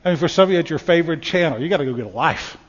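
A man's voice: on the high side, lively intonation, racing. A man preaching a sermon as a pastor, folksy and storytelling, often repeating words as he builds his points. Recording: dull sound with long reverb in a hall.

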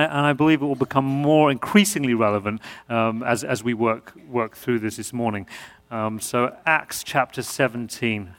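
British man, guest preacher, earnest sermon, stumbling restarts, long hall reverb. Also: mid-range voice.

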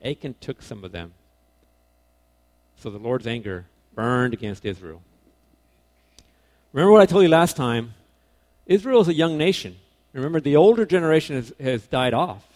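A man giving a relaxed, conversational sermon to a young crowd. His voice sits at a middle pitch, jumping from loud, stressed points to hushed asides. He talks informally and corrects himself mid-sentence. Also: normal speed, long pauses. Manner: animated, swings between loud emphasis and quiet asides; casual, self-correcting, informal phrasing. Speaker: preacher.

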